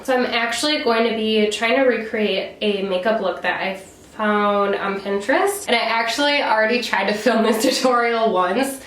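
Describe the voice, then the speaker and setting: A young woman filming a casual get-ready-with-me makeup tutorial, chatty and upbeat, her voice nasal from a cold. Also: medium pitch. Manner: chatty and upbeat, laughs often. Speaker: beauty vlogger. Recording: roomy sound from a distant camera mic, faint hiss.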